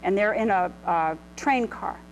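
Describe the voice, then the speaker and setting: A woman's voice: medium pitch, unhurried, highs cut off, slight background noise. Middle-aged woman giving a chatty lecture. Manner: chatty, many ums and restarts. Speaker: clothing history presenter. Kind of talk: informal illustrated lecture. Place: lecture room with live audience.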